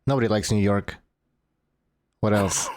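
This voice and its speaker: A man hosting a casual podcast, relaxed and chatty, wrapping up and thanking his chat. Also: on the low side, a little slow. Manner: relaxed, reads chat names aloud. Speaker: podcast host.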